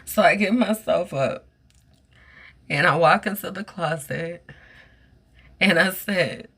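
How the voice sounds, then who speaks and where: A woman hosting a podcast, recounting a personal experience in an earnest, emotional monologue with a soft voice. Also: on the low side, takes it slowly, slightly rough. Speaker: podcast host.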